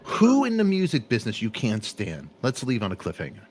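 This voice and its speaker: A man's voice: medium pitch, huge pitch swings, fairly quick. A man hosting a live talk show, casually pushing his guest along and calling out to viewers. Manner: pushy, eager, nudges the guest and addresses viewers. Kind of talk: casual chat.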